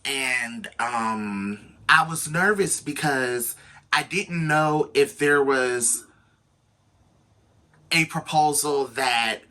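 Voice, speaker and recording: A man telling a personal story to his viewers in a casual, animated, slangy way, speaking straight to the audience. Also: a little high. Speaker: storytelling vlogger.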